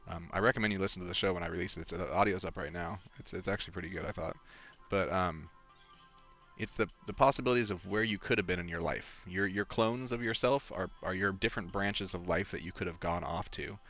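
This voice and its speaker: A man streams a game while chatting casually in a rambling, candid and emotional way, even talking to his dog. He has a low-pitched, fairly bright voice and talks fast, with the highs cut off in the recording.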